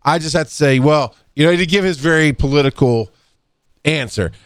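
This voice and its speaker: A blunt, animated man hosts a casual podcast and talks as an EMS educator. His voice jumps higher whenever he gets fired up, and he laughs often along the way. The sound is dry and close, with almost no room on it. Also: brisk, no echo. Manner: blunt and animated, swings up in pitch when fired up; laughs often and clears throat.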